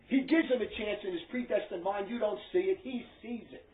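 A man's voice: high voice, a little fast. Guy preaching hard, blunt and scolding, tinny phone sound in an echoey room. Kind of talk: preaching to a small group.

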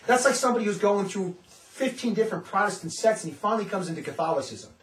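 A man's voice: high-pitched, lively intonation, quick pace, fairly bright tone, echoey room, recorded from a distance, rough recording. A man who leads a religious community, preaching in a fervent, informal way. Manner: fervent, often acts out others' words. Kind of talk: impassioned informal sermon.

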